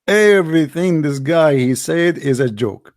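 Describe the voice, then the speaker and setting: Mocking a debate clip, this man laughs at and insults his opponent in scornful commentary marked by non-native grammar. His voice is slightly high with lively intonation and an unhurried pace, captured close with no room sound.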